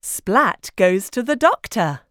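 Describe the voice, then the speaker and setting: A woman reading a children's picture book aloud in a clear, expressive way. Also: mid-range voice, slow pace, slight background noise. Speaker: storyteller.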